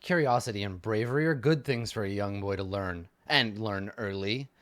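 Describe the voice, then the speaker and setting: Man doing a proud noble warrior, lowish voice, boastful and scornful, dry sound. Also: normal speed, fairly bright tone, no echo, lightly acted.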